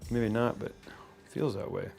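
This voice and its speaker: A man's voice: lowish voice, steady tone, unhurried, creaky, darkish tone, soft background music. A man hosting a PC-building livestream, thinking aloud as he works, trailing off and restarting his sentences and reading out viewer messages. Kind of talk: casual livestream chat while building a PC.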